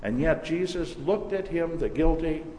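A man's voice: fairly high pitch, lively intonation, measured pace, dark tone. A male pastor preaching a sermon, telling the story dramatically with shifting emphasis. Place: church sanctuary. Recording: echoey church hall, faint noise.

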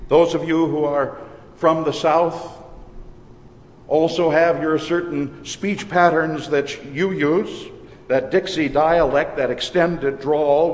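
A man with a Minnesotan accent, a pastor preaching a sermon in a measured, deliberate cadence. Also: on the high side, fairly even intonation. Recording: echoey church hall with long reverb.

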